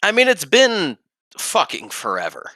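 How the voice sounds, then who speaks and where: A young man co-hosting a casual podcast chat, animated and joking, swearing freely. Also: high voice, a little slow, no room sound. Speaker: podcast co-host. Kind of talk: casual chat reviewing a film trailer.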